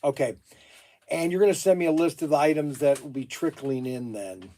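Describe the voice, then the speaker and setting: A middle-aged man, a hobby shop owner, taking phone calls and exclaiming in loud disbelief, often repeating himself. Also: a little high, a little fast. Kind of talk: phone calls during a work livestream. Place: his toy shop.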